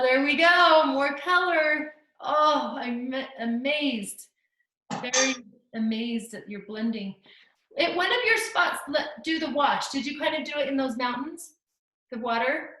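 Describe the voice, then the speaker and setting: A woman's voice: high-pitched, bright, forceful tone, slight background noise. A woman teaching a live online art class to children over a video call, full of gushing, encouraging praise. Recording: echoey room.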